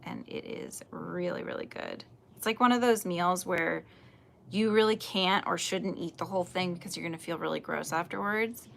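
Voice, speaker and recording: A woman's voice: lowish voice, normal speed, gravelly, a bit bright, a little hiss or hum. A woman in her forties hosting a casual crochet livestream, chatting and answering viewer comments with frequent laughs. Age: 40s. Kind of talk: casual chat while crocheting.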